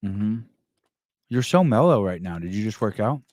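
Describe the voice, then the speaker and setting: Male podcast host, lowish voice, dry close sound, loose rambling chat. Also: big pitch swings, normal speed, a little mellow, no room sound. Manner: rambling, storytelling with frequent restarts and fillers. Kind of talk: casual chat.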